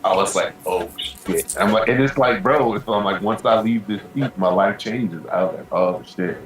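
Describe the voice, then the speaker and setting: A man's voice: on the low side, normal speed, reverberant, rough recording. A man co-hosting a podcast, telling a long story casually, swearing freely and peppering it with "bro". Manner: profane, rambling storytelling with lots of "bro". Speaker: podcast co-host.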